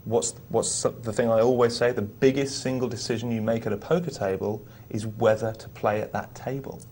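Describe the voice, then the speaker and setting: A man's voice: mid-range voice, fairly even intonation, normal speed, darkish tone, slight background noise. A man co-hosting a live poker show, explaining ideas thoughtfully with occasional restarts. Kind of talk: live on-air poker talk.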